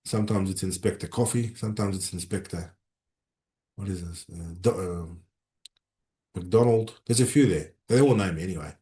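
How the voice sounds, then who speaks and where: A middle-aged man with an Australian accent hosting a casual livestream from a room in a consulate, chatting and reading out viewer comments in an animated, rambling way. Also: low-pitched, normal speed. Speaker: livestream host. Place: room inside a consulate building. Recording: roomy echo.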